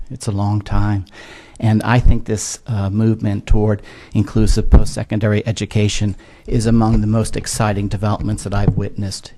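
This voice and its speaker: A man in his sixties, a disability education expert, testifying to legislators in a measured, earnest way with frequent filler words. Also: on the low side, dark tone. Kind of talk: formal testimony. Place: legislative hearing room.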